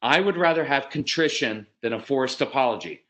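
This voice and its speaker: A man's voice: medium pitch, brisk. A man in his fifties giving a seminar talk to parents, telling stories animatedly, acting out quotes and repeating words as he starts sentences. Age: 50s. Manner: animated storytelling, acts out quotes. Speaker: parenting speaker.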